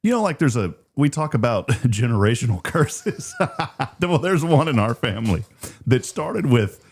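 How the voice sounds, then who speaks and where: A man's voice: mid-range voice, sing-song, normal speed, a little hiss or hum. A middle-aged man hosting a morning radio show, chatting casually, joking and laughing often.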